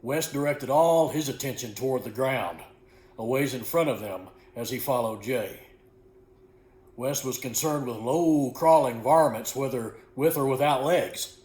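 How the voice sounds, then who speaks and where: A man reading aloud from a book he wrote, in an unhurried, folksy way, correcting small slips as he goes. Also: mid-range voice, a little mellow. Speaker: author reading his own book. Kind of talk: storybook narration. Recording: echoey room.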